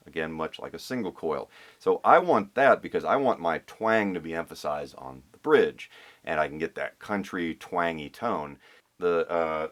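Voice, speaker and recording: Deep-voiced man explaining guitar work. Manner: thinks aloud, restarts with fillers. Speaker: guitar restorer. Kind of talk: casual explanatory talk.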